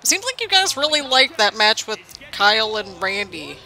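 Woman, young adult, casual game commentary, rambling, high-ish voice. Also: sing-song, moderate pace, bright, forceful tone, a little hiss or hum. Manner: chatty, rambling, laughs often. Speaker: gaming channel host. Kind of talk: casual let's-play commentary.

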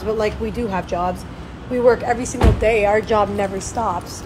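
A young woman talks straight to her followers in a loose, rambling vlog, sounding worn out as she vents about motherhood. Her voice sits at an ordinary middle pitch. A faint hum of background noise sits under her words. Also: fairly quick. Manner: chatty, tired, venting. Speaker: vlogger and mother. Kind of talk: casual vlog talk to camera. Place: at the gym, faint ambient noise.

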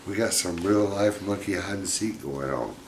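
A middle-aged man talking fondly and gently to his pet monkeys in a casual home vlog. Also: deep voice, animated, moderate pace, echoey room, noisy background. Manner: gentle, doting, chuckling baby talk to pets.

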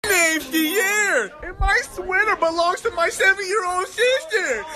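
A teenage girl shouting roast introductions, often laughing as she speaks. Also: very high voice, unhurried.

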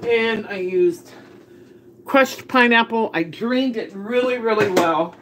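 Slow-talking woman cooking live. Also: on the high side, background noise. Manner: chatty, laughs often, talks to viewers by name. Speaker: home cook hosting a live stream. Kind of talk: casual live cooking stream. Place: home kitchen. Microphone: phone camera.

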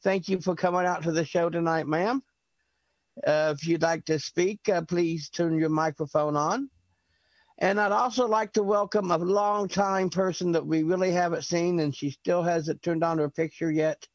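A man's voice: a little high, fairly even intonation, normal speed, no room sound, lo-fi sound. A man hosting an online comedy benefit over a video call, effusive and emotional, laughing often. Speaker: host of a comedy benefit show.

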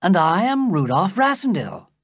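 A polite young traveller answers courteously and steadily, as a woman reading the story puts him on. The voice stays close to the narrator's: husky and dry, with a lively lilt. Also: medium pitch, dry recording, voice pushed up. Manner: courteous, measured replies. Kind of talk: storybook character voice.

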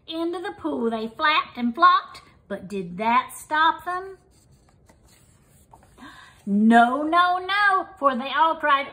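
A woman reading a children's picture book aloud as storyteller, in an expressive sing-song way. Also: high voice, takes it slowly.

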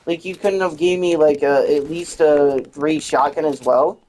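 A woman's voice: deep voice, fairly even intonation, unhurried, mellow. A woman giving gameplay commentary, ranting in frustration with heavy swearing. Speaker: gaming channel host.

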